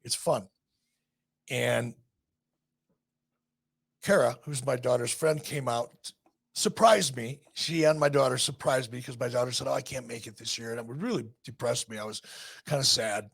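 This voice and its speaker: A man with a gravelly, rough-edged voice tells a story on his podcast. He talks loosely and warmly about a personal moment, with a husky grain under every phrase. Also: medium pitch, a little slow, long pauses. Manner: sentimental, rambling anecdote. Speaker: podcast host. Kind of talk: casual storytelling.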